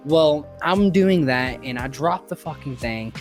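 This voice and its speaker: Give me a young man co-hosting a casual podcast, telling a rambling, profane story in an excitable way. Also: fairly high pitch, measured pace, faint music behind. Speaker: podcast co-host.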